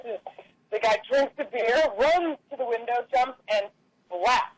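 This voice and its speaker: A woman telling a run of jokes at a small comedy show, in a loose, halting storytelling style. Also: fairly high pitch, no echo, low-quality recording. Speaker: stand-up comic. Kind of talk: telling jokes at an open mic.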